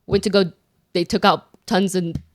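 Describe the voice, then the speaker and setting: A young woman co-hosting a podcast tells stories in casual chat, animated and full of fillers. Her voice is on the low side at a moderate pace, recorded at studio quality with no room sound.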